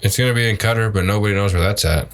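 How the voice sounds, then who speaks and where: A young man co-hosting a podcast in casual chat, blunt and profane with deadpan humor. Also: on the low side, rapid-fire. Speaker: podcast co-host.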